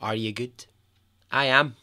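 The Scottish host's medium-pitched voice is steady, unhurried, and sharp as he shares a true story on his podcast. He keeps it chatty and playful, laughing often at his own jokes.

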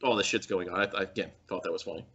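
A man co-hosting a podcast, chatting excitedly about a movie with lots of fillers and laughter. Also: deep voice, rapid-fire, a crowd in the background. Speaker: podcast co-host. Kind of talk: casual chat reviewing a movie. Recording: slightly dull lo-fi sound.

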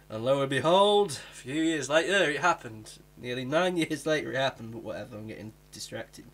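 A young man from England casually reviewing a TV episode, animated and acting out characters with sudden jumps in pitch. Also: moderate pace. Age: young adult.

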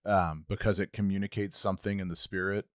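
A man's voice: deep voice, level tone, a little fast, no echo, studio quality. A middle-aged man co-hosting a casual talk, thinking aloud with many restarts. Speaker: podcast co-host, pastor. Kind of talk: casual conversation.

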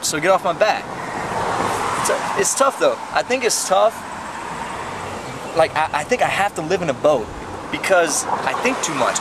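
Rambling young man outdoors, street noise. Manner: rambling, goofy, high put-on voice early. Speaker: comedic street salesman character. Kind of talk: improvised comedy sketch. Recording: noisy outdoor street recording.

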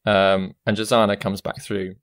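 A man's voice: on the low side, little pitch movement, moderate pace, no echo, studio quality. A man running a tabletop game as dungeon master, loose and full of fillers. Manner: loose, filler-heavy, laughs easily.

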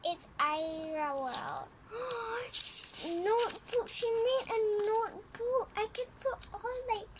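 A very high-pitched young girl unwraps a present on camera. She takes her time and bursts into excited squeals. Noise and crinkling paper sit behind her voice. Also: slow pace, few pauses. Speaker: vlogger. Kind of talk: gift unboxing vlog.

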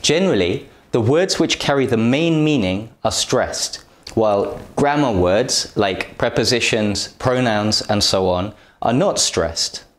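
A man narrating a scripted English pronunciation lesson, speaking carefully and deliberately with clear enunciation. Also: fairly low pitch, expressive, echoey room.

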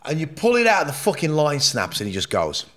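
Animated, profane man telling stories. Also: a little high, brisk. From England. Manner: animated, profane, rambling with frequent restarts. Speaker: podcast guest. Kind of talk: candid interview storytelling.

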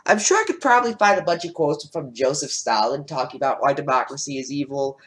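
Guy mocking clips in a casual reaction video, kinda high voice, lots of ums. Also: animated, quick pace, fairly bright tone. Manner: sarcastic, mocking, with frequent filler words.

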